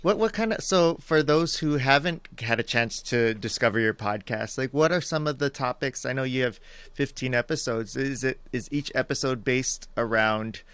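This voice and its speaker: A man's voice: mid-range voice, moderate pace, fairly bright tone, smooth, no room sound. A man hosting a podcast interview, friendly and chuckling as he asks open questions. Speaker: podcast host.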